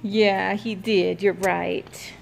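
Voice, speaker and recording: Slow-talking playful mom. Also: female voice, mid-range voice, gravelly. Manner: animated, exclaiming, playful with child. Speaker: mother filming her child. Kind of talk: casual family vlog. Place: large indoor museum hall. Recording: background music over the audio.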